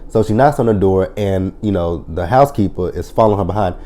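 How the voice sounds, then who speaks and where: Reviewer, male: low, mellow voice, swears freely, retells scenes with lively quoted lines. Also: quick pace. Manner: profane, blunt storytelling. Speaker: TV show reviewer. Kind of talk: casual episode recap review.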